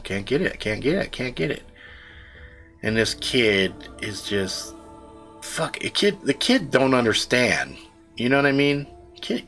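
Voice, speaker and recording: Foul-mouthed man, lively rambling story. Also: lowish voice. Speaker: live stream host. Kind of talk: casual chat.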